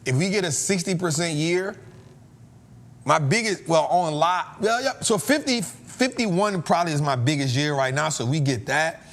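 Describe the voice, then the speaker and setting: A man's voice: on the high side, normal speed. A man hosting a trading show, telling a story in a casual, slangy way and laughing often.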